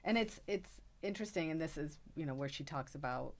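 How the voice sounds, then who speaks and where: Deep-voiced mother in relaxed chat. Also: brisk. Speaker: podcast guest, mother. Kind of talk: casual book club chat.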